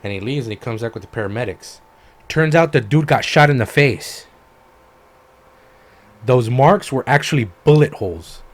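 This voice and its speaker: A man co-hosting a podcast, retelling a story in casual chat, animated and swearing freely. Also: mid-range voice, normal speed, long pauses. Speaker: podcast co-host.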